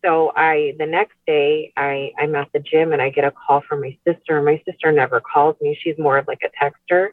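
A woman's voice: low-pitched, level tone, no room sound. Earnest woman on a tinny call line. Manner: earnest, halting, with frequent restarts and nervous laughs. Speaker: podcast guest. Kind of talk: personal storytelling in conversation. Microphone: remote call.

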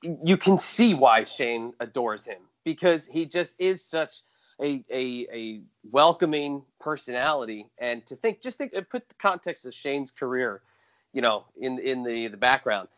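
A man of middle pitch rambling through long explanations in a casual podcast chat. The audio is dull and lo-fi. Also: lively intonation, unhurried. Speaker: podcast guest. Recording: dull lo-fi sound.

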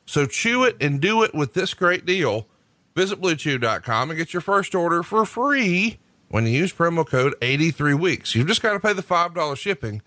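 A male podcast host, doing jokey, brisk ad reads in a casual way. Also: fairly high pitch, pushed and bright, no echo.

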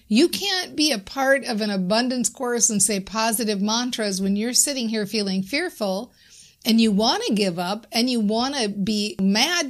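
A woman coach giving a casual instructional talk, conversational and repeating her phrases for emphasis. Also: on the high side. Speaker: abundance coach.

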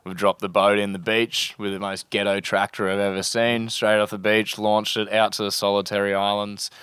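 Bright, crisp-voiced young Australian man. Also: lowish voice, level tone, moderate pace, no echo. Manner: laid-back slangy, swears freely. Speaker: podcast guest, spearfisher. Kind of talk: casual storytelling.

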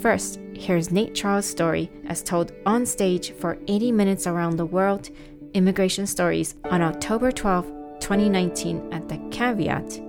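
Podcast host reading an intro over music. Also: female voice, lowish voice, moderate pace. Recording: music bed under voice.

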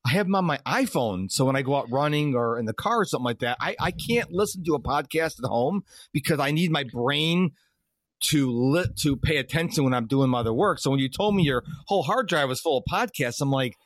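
A man's voice: fairly high pitch, fairly quick, dry recording. A middle-aged man hosting a podcast, telling stories in casual chat and acting out the voices of people he quotes. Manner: animated storyteller who acts out quoted dialogue. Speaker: podcast host.

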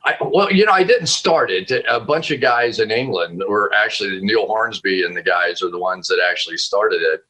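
A man on a video call from home talks casually as a football analyst. His voice is bright and forceful, set a little low. He stays animated, laughs often and restarts his sentences. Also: moderate pace, few pauses, husky, rough recording. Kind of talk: casual storytelling interview.

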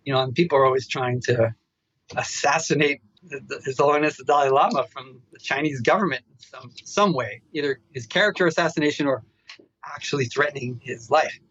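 A man telling a story as a meditation researcher guest in a podcast interview. He talks in an animated way and keeps tagging his asides with "right?". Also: mid-range voice, fairly quick, breathy edge, dull audio.

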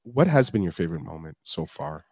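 A young man hosts a podcast with an easy, joking manner and pokes fun at himself. His voice sits low and sounds close and dry. He talks in a loose, chatty way with his guest. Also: fairly quick, vocal fry, husky, no echo. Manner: joking, self-deprecating, lively. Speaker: podcast host. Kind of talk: casual chat.

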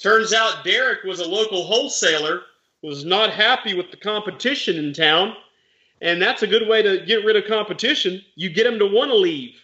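A man's voice: high voice, moderate pace, bright, forceful tone, muffled recording. A man, a real estate investor and mentor, telling a story in casual chat and explaining legal points plainly with animation.

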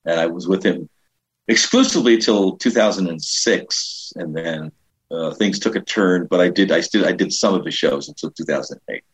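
A middle-aged man, a comedian being interviewed, telling lively anecdotes and jumping up in pitch to mimic the people he quotes. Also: moderate pace, husky. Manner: animated anecdotes, jumps high to act out quoted people. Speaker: comedian and author, guest. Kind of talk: casual storytelling interview. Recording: dull lo-fi sound.

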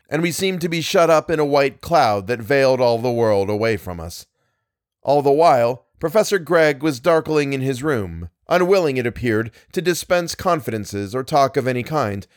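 Expressive male storyteller, lively pitch, dry close sound, measured reading. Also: dry recording. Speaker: audiobook reader. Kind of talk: scripted literary narration.

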